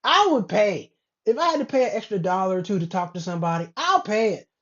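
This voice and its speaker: A woman's voice: medium pitch, big pitch swings, fast talker. A woman hosting a casual commentary show, ranting in a blunt, rambling way with plenty of profanity. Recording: dull lo-fi recording.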